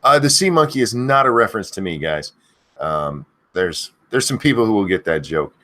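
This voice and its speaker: A middle-aged man rambles through a casual live-stream chat, swearing often and breaking into high, shouted greetings of viewers' names. His speaking voice sits low but swings widely in pitch. The tone is bright and forceful. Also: lively intonation, moderate pace. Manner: crude, swearing.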